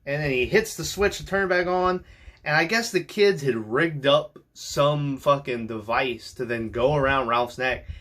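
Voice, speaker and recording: A man's voice: medium pitch, a little slow, a bit bright. A man hosting a podcast, recapping a film in a casual, rambling way, swearing freely and filling gaps with ums and likes. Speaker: podcast host.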